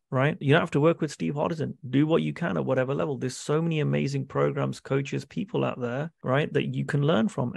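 A man's voice: medium pitch, creaky, a little mellow, dry recording, clean studio sound. A man speaking as a business coach in a masterclass, earnest, acting out dialogue and often checking in with "right?". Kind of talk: masterclass talk on a video call.

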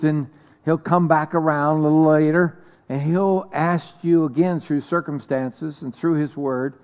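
A man preaching a sermon as pastor, slow and deliberate, swinging between loud declarations and soft whispers. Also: on the high side, long reverb tail. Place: church sanctuary.

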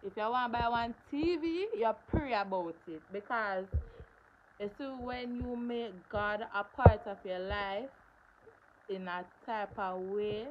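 A woman's voice: mid-range voice, muffled recording, noisy background. A young woman, telling a story on her livestream in an emphatic way, repeating phrases for stress. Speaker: livestream host.

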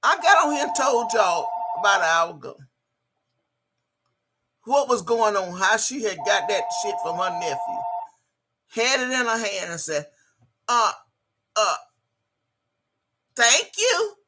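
A woman's voice: mid-range voice, lively intonation, normal speed, long pauses, noisy background. A woman hosting a livestream, ranting in a profane, combative, repetitive way and reading out viewer chat. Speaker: livestream host. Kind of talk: angry livestream rant.

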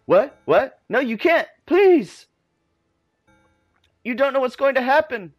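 A man doing a high, frantic, pleading victim. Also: very animated, takes it slowly, dull audio, soft background music, heavily acted. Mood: panicked. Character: panicked, pleading male victim.

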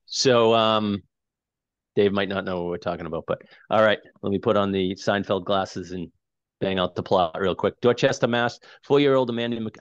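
A man's voice: on the low side, normal speed, no room sound, lo-fi sound. A man hosting a movie podcast, chatting casually and recapping the plot with many fillers and restarts. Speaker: podcast host.

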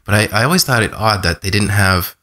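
A man's voice: on the low side, animated, fast, sharp tone. A man hosting a podcast interview, chatty and rambling, often correcting himself mid-sentence. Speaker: podcast host. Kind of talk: casual interview conversation.

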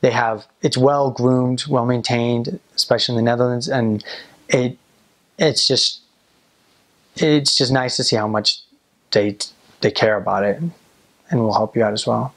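A man's voice: mid-range voice, steady tone, unhurried, long pauses, a bit bright. A man in casual interview talk, rambling and repeating words as he searches for them.

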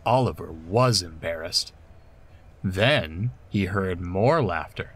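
Male narrator, storybook read-aloud, lively and slow. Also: low-pitched, over music. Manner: expressive storytelling.

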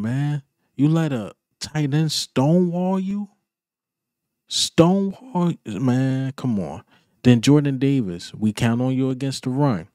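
Slow-talking man ranting about football. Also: medium pitch, warm tone, no echo, studio quality. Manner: emphatic, repetitive, frustrated slangy ranting. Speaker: sports fan vlogger. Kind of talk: sports reaction rant.

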